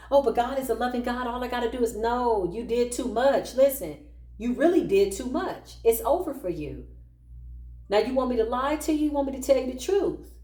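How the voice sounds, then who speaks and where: A woman giving an animated spiritual talk and tarot reading, addressing viewers directly in a slangy, emphatic way. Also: mid-range voice, roomy sound.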